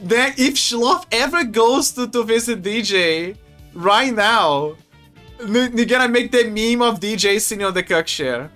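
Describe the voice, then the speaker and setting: A man streaming, chatting casually in a rambling, animated way with frequent restarts and laughs. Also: high-pitched, measured pace. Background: faint music.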